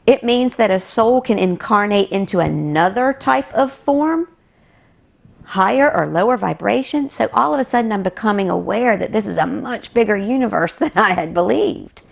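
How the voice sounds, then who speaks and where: Gravelly American woman telling her story. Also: a little high. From United States. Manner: animated, emphatic storyteller. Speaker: guest. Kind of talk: personal storytelling interview.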